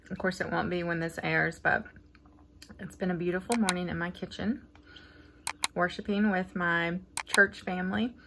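A woman's voice: mid-range voice, bright, forceful tone, slight background noise. A middle-aged woman, chatting upbeat in a casual farm vlog. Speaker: vlogger, farm wife.

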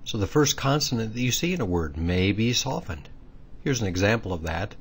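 A man's voice: fairly low pitch, expressive, a little fast, slight background noise. A man giving a patient, methodical pronunciation lesson, explaining rules step by step and stressing the key words. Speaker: language teacher.

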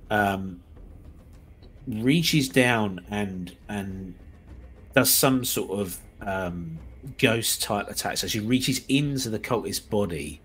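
A man narrating as game master, halting often with ums and small self-corrections, and sometimes laughing as he describes the scene. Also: fairly low pitch, a bit bright, breathy edge.

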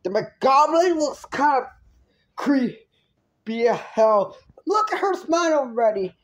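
A woman's voice: high voice, animated, slow pace, poor audio. A woman giving an indignant review rant, swearing freely. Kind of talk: ranting review vlog.

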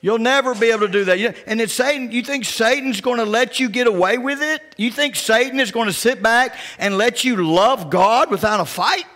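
A male pastor preaching a sermon, telling personal stories in a folksy, down-home way and often dropping to a hushed voice. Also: extremely high pitch, a little fast, few pauses. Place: church sanctuary. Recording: church sanctuary with long reverb.

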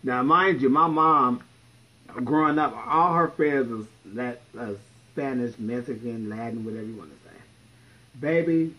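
A man's voice: mid-range voice, unhurried, dull audio. A man in drag livestreaming from home, telling stories with a blunt, profane, sassy manner. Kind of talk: casual livestream storytelling.

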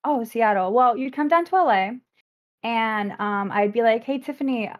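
A young woman contestant chatting on a video call, talkative and rambling, excitable. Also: fairly high pitch, moderate pace, narrow, tinny audio. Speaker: dating show contestant. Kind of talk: casual livestream chat. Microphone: video call microphone.

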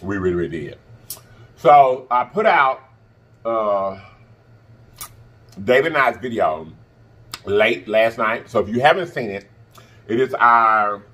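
A man's voice: lowish voice, animated, takes it slowly, long pauses, bright, forceful tone. A man vlogger talking casually to camera, chatty and repeating himself for emphasis. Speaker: mukbang vlogger.

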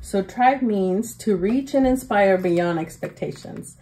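A young adult woman, a teacher, telling stories as a podcast guest in an excited way, with many fillers and laughs. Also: mid-range voice, unhurried, poor audio. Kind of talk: casual interview storytelling.

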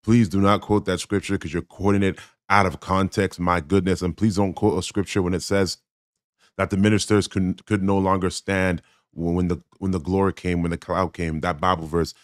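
A man's voice: sits low, flat delivery, moderate pace, no room sound, clean studio sound. A man giving blunt, critical reaction commentary on a sermon clip, speaking emphatically. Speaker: Christian commentator.

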